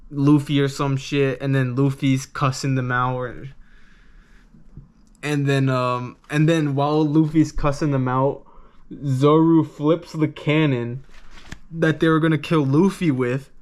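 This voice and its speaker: A man casually reviewing a manga, rambling and excitable, with lots of fillers and swearing. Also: mid-range voice, takes it slowly.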